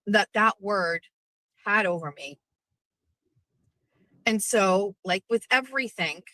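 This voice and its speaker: A middle-aged woman hosting a podcast, ranting brashly with lots of swearing and animated storytelling. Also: medium pitch, no echo, rough recording. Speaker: podcast host. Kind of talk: profane livestream rant.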